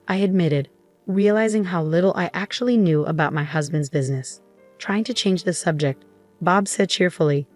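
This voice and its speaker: Low-voiced woman narrating a story. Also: normal speed, soft background music. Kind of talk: scripted first-person story narration.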